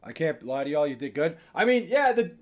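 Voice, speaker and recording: A man's voice: fairly high pitch, big pitch swings, fairly quick. Profane young man ranting on a live stream. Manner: frustrated, profane, restarts a lot. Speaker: livestreamer. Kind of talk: casual live chat reacting to comments.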